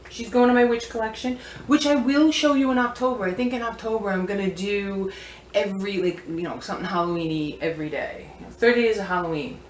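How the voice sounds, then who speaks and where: Speaking quickly at a medium pitch, a vintage antiques seller chats playfully about her finds in a loose show-and-tell vlog that tends to meander. The room echoes, with a bit of background noise.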